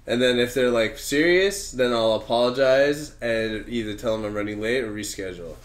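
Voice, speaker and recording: On a laid-back podcast, this male co-host speaks in a mid-range voice at a moderate pace. He swears freely and tells stories with lots of energy, acting out the quotes as he goes.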